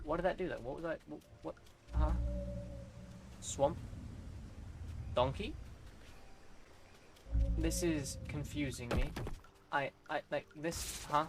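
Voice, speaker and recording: A man streaming a video game, talking to it excitably with yelps and groans. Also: fairly high pitch, takes it slowly, pauses often, noisy background.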